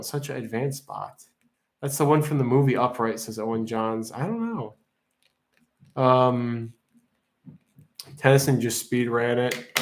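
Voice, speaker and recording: A man hosting a live-streamed auction in casual chat, rambling and joking as he reads out the chat. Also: mid-range voice. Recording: echoey room.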